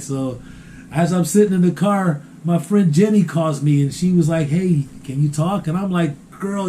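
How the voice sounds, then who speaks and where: A man's voice: fairly high pitch, dark tone, a little hiss or hum. Man telling a story in a casual vlog. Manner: repeats words, ends phrases with "man". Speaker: vlogger.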